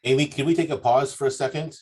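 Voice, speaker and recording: A man moderating a live webinar over a video call, brisk and polite as he steps in to pause the talk. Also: medium pitch, fairly even intonation, a little mellow, slightly rough.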